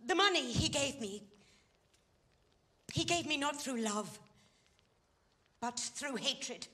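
A woman's voice: sits high, lively intonation, moderate pace, bright, forceful tone. An actress playing a fallen society woman who pleads urgently and with passion in a stage play scene. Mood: pleading. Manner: impassioned, pleading.

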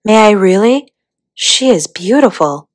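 A woman voicing a shy, slow schoolgirl full of awe in a storybook reading, speaking hesitantly. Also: medium pitch, animated. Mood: breathless. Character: shy, slow, plump schoolgirl, easily awed.

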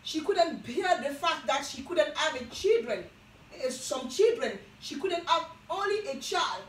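A woman preaching a Bible teaching sermon, slow and emphatic, often repeating and restarting her phrases. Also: sits high, sing-song, reverberant, far from the mic, slight background noise, rough recording.

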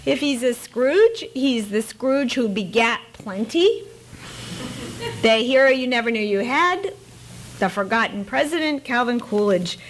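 A middle-aged woman lectures to an audience with a wry, playful manner, darting off into asides. Her voice sits a little high and swings widely in pitch. It has a lively, conversational bounce. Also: measured pace, slight background noise. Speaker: author giving a lecture. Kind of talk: public lecture. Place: presidential library auditorium.

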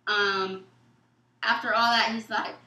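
A woman tells a story in a relaxed question-and-answer chat, slipping into the voices of the people she quotes. Her voice is bright and sits a little high. The room around her is echoey. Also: slow pace. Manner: animated, acts out quoted texts and dialogue; casual, informal speech. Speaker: guest.

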